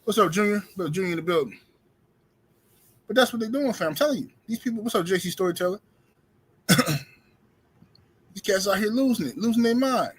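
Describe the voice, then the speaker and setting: A man's voice: high voice, animated, moderate pace, long pauses, breathy edge. A man hosting a casual livestream, ranting in loose slang and greeting his viewers by name. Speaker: livestream host. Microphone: streaming setup mic.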